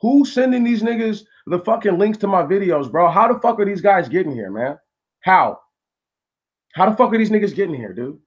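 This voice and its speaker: Angry high-voiced man ranting on a stream. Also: animated, a little fast, slightly rough, lo-fi sound. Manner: angry, profane, repetitive, arguing with viewers. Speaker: live streamer. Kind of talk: heated live-stream rant.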